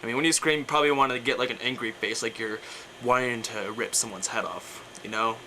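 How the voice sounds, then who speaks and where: A young man talking through a casual vocal tutorial, rambling and unsure, with a bright, forceful edge to his voice. A faint hiss of noise sits behind him. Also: mid-range voice, fairly even intonation, brisk, poor audio. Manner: rambling, hesitant, lots of fillers, breaks into screams and growls.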